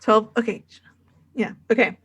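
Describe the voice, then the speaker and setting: A woman's voice: fairly high pitch, fairly even intonation, unhurried, breathy edge, muffled recording. A woman running a tabletop role-playing game as game master, narrating in a loose, rambling way with many fillers.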